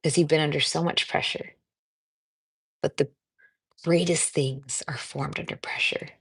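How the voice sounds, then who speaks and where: Host: middle-aged woman from the US, low voice, casual and encouraging livestream chat, reads viewer comments. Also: steady tone, unhurried, creaky, husky. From United States. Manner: chatty, warm and encouraging, with frequent fillers. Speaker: cancer coach hosting a livestream.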